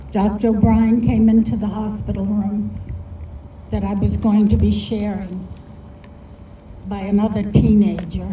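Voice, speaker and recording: An older woman with a fairly high voice tells a heartfelt personal story at a storytelling festival, slowly and earnestly. She sounds distant from the mic, in an echoey space, on a dull recording with a faint hiss behind her.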